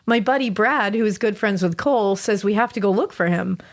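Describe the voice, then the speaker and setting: A young woman co-hosting a podcast, reading a listener's spooky story aloud in a lively way, laughing and swearing often. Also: medium pitch, brisk. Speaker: podcast co-host.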